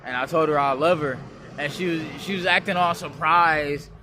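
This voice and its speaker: Man from West Oakland, rambling profane vlog monologue outdoors, slightly high voice. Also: normal speed, noisy background. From West Oakland, California. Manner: loose, profane street slang, meandering. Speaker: vlogger.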